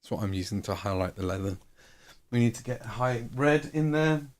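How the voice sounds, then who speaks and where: A man's voice: mid-range voice, animated, normal speed. A man in his late thirties chatting casually on a live stream while painting miniatures, rambling and joking and laughing at himself. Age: 30s.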